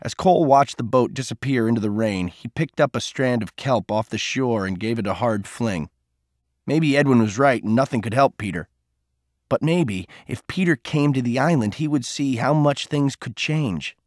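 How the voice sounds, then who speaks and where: This is audiobook narration by a man whose pitch sits in the middle, told at a steady, even pace. The sound is clean studio audio, recorded dry.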